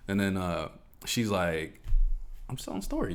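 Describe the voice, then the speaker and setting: A man's voice: deep voice, expressive, normal speed. A young man co-hosting a podcast, telling a profane story in casual chat and acting out the quotes. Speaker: podcast co-host.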